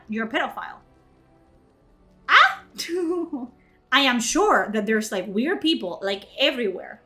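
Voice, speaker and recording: Indignant ranting woman streamer, faint music. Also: high voice. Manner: indignant, swearing, rising to outbursts. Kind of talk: casual rant to a live chat.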